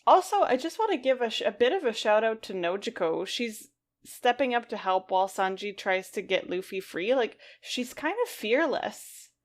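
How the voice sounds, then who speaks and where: Relaxed woman sharing her comic notes. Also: fairly high pitch, moderate pace. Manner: relaxed, reading from her notes with light playful asides. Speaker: podcast co-host. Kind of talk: casual podcast chat recapping a comic.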